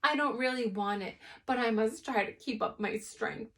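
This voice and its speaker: A woman's voice: a little high, moderate pace, fairly bright tone. A woman reading aloud, voicing a whiny, pampered nine-year-old boy who wails and sulks. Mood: sulky. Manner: wailing, bawling, sulky.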